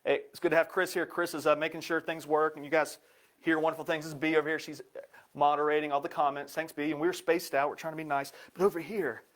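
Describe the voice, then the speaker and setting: A man's voice: a little high, level tone, quick pace, fairly bright tone. A man giving a live presentation in an upbeat, joking way.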